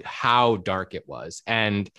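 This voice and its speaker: A man's voice: lowish voice, animated, takes it slowly, sharp tone, clean tone, no room sound, studio quality. A man co-hosting a casual talk show, speaking with enthusiasm, laughing often and restarting his sentences as he rambles. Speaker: podcast co-host. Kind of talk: casual chat about horror films.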